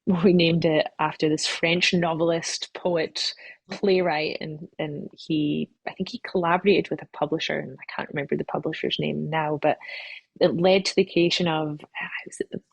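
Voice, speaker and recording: Husky woman chatting in an interview. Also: deep voice, fairly even intonation, moderate pace, no room sound, poor audio. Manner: chatty, self-deprecating, laughs often, restarts sentences. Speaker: company CEO, interview guest. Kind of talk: casual interview answers.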